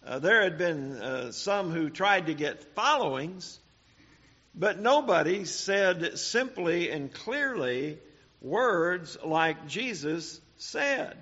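A man teaching a Bible study sermon, speaking deliberately with "uh" pauses and rhetorical questions. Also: fairly high pitch, big pitch swings, pushed and bright, highs cut off.

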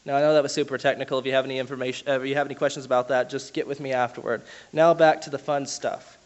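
A man's voice: mid-range voice, level tone, very fast, highs cut off. A man preaching a sermon in a conversational teaching manner, explaining with asides and self-corrections.

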